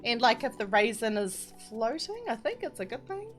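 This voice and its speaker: Pitched fairly high and somewhat bright, this woman speaks in a sing-song way at a moderate pace. She streams live, teaching map building, and giggles and chats while reading out chat messages between explanations, with background music running underneath.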